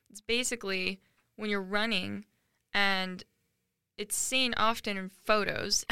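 Bright, crisp teenage girl. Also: mid-range voice, dry recording, studio quality. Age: teens. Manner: candid, chatty, self-deprecating. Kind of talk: casual personal monologue.

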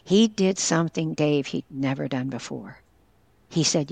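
A woman's voice: low-pitched, unhurried, creaky, darkish tone, slightly rough, no room sound. An older woman from northwestern Pennsylvania, a caregiver and former teacher, tells a personal story as an interview guest and speaks with earnest candor. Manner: earnest, candid, tells a personal story and quotes others directly.

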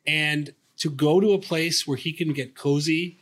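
A man's voice: a little high, fairly even intonation, unhurried, a bit bright, husky. A man co-hosting a casual sports talk show, conversational and opinionated, often restarting his sentences. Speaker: podcast co-host.

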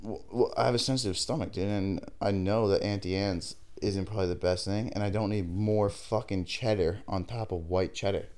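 Young man, podcast co-host, lower voice, laid-back, defensive, sarcastic. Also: fairly even intonation, brisk, few pauses, darkish tone. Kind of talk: casual crude banter.

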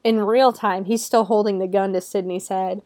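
A young adult woman talks through a movie plot in a loose, irreverent way, peppering it with "like", swear words and laughter. Her voice sits at a middling pitch and sounds dry and close, with no room around it. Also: steady tone, moderate pace, darkish tone, no echo. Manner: chatty and irreverent, swears, laughs often, fills with "like". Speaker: movie reviewer. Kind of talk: casual spoken film recap.

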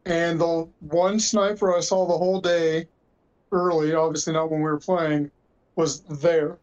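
A man chatting casually with friends, telling quick rambling stories. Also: on the high side, little pitch movement, dull audio. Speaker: podcast co-host. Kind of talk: casual chat.

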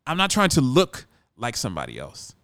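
Lively, emphatic radio host man. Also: medium pitch, fairly quick, no room sound, clean studio sound. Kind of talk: casual monologue.

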